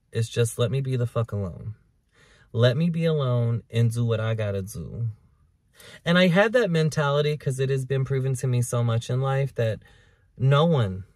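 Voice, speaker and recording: A man's voice: mid-range voice, darkish tone, no echo, clean studio sound. A man hosting his own podcast, talking candidly and emotionally in a rambling, profane way. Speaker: podcast host. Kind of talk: casual personal podcast monologue.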